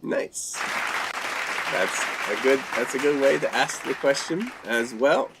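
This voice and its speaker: A man hosting a casual live language-learning chat, reading out viewer comments and trying out phrases haltingly in several languages. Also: medium pitch, lively intonation, over a noisy crowd, heavy background noise.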